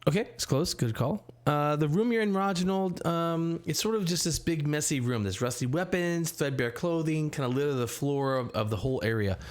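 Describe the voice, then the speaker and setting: A man running a tabletop game as game master, describing scenes with many pauses and fillers. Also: fairly high pitch. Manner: hesitant, filler-heavy.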